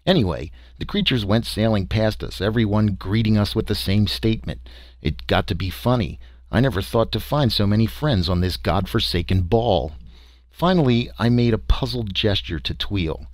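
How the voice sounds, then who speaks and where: A man's voice: on the low side, lively intonation, normal speed, dry recording. A man reading a story as a first-person audiobook narration, in a folksy, conversational way with small hesitations.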